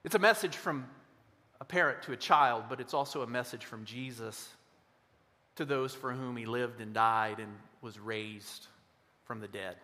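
A man preaching a sermon in a church, earnest and slowing down to stress key words. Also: mid-range voice, sharp tone, big-room sound. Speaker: pastor. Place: church sanctuary.

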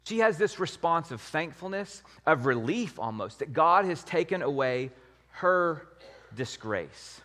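A man's voice: on the high side, very animated, unhurried, a bit bright, long reverb tail. A man preaching a sermon as pastor, in a conversational, emphatic way with many rhetorical questions.

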